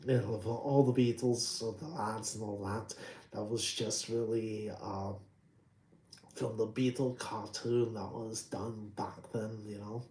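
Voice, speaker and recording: A man talking casually about his drawings, halting with many ums and restarts and trailing off quietly. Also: fairly low pitch, fairly even intonation, roomy sound, rough recording. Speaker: artist showing his drawings. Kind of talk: rambling casual talk.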